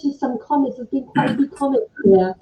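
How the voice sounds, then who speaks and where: A woman hosting a live online talk, chatty, reading out viewer comments with quick asides. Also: high voice, dark tone, echoey room, low-quality recording. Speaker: host.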